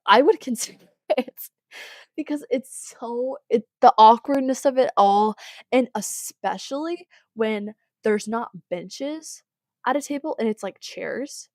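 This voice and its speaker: A woman's voice: fairly high pitch, unhurried, no echo. Chatty teenage girl, dry close sound. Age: teens. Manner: chatty, rambling, with sighs and exasperated asides. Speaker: podcast host. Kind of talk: casual advice monologue.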